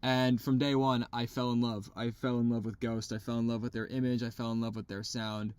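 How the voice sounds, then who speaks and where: A man co-hosting a podcast from a parked car, chatting casually and excitedly about albums, swearing freely. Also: mid-range voice, a little fast, clear, resonant tone, no room sound. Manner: excitable, swears, imitates vocals. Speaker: podcast co-host. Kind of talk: casual chat.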